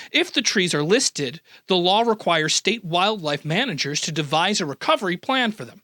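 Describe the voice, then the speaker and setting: A high, bright male voice that leaps all over the place, delivering comedic news commentary with sarcasm and theatrical mock outrage. The sound is very dry and close, with no room around it. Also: no echo. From American Midwest. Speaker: news host.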